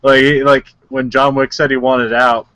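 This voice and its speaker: A man's voice: medium pitch, little pitch movement, moderate pace, sharp tone, no room sound. A man co-hosting a podcast, retelling a movie in casual chat, rambling with lots of filler words and frequent laughs. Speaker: podcast co-host.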